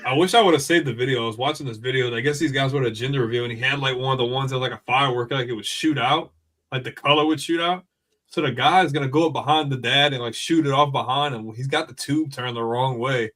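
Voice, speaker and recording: A man's voice: medium pitch, fast talker. A man co-hosting a casual wrestling podcast, telling stories with lots of laughter and swearing. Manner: animated storyteller, laughs often, swears. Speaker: podcast co-host. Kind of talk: casual chat.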